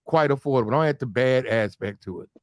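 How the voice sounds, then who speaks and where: A man's voice: mid-range voice, quick pace, dry recording, studio quality. A man hosting a heated panel podcast, blunt and insistent, hammering his points with repetition. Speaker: podcast host.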